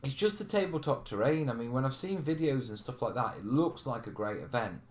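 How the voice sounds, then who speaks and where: A man's voice: mid-range voice, animated, fairly quick. A man hosting a live question stream, chatting casually, laughing and reading out viewer comments. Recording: roomy echo.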